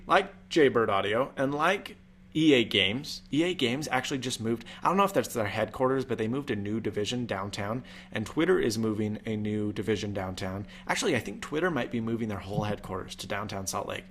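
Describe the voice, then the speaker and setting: A chatty man hosts a casual live stream, often jumping up into a higher pitch on purpose. His voice sits at a middle pitch. The mic is several feet away, and a faint fan hum runs behind him. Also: a bit bright. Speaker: tech live-stream host. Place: home room with a fan.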